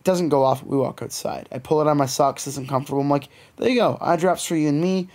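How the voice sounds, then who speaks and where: A young Canadian man spins a story on a podcast, swearing freely. He is animated and acts out the other people in his tale. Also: on the high side, quick pace. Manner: profane, animated storytelling with quoted voices. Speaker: podcast co-host. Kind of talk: casual storytelling chat.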